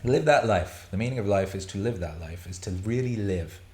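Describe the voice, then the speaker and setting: A man's voice: on the low side, expressive, brisk, a little mellow. A man hosting a casual live stream, reading chat questions and rambling, swearing and laughing often. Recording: roomy echo.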